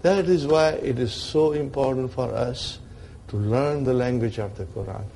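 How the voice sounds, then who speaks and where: A man's voice: medium pitch, normal speed, gravelly, warm tone, slight background noise. A man teaching an Arabic grammar class in lecture style, often checking in with his listeners.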